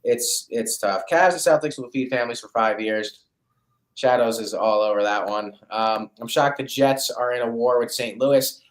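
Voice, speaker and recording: An excitable man hosting a loose sports chat, teasing his co-hosts and swearing freely. His voice sits at an ordinary pitch. It carries a noticeable roomy echo. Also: moderate pace. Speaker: podcast host.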